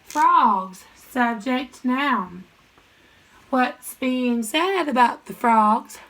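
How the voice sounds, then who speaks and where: Woman teacher walking kids through a grammar drill, bright clear voice, kinda high. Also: expressive, rough recording. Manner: drills sentence parts in a brisk question-and-answer chant; encouraging, speaks to students directly. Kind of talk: recorded classroom lesson.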